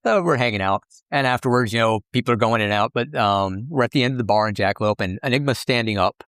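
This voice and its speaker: Man, middle-aged, podcast guest, rapid, dry close sound, lively storytelling with restarts. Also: mid-range voice, smooth, no room sound. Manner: animated anecdotes with quick restarts. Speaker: podcast guest, sideshow performer. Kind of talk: casual interview storytelling.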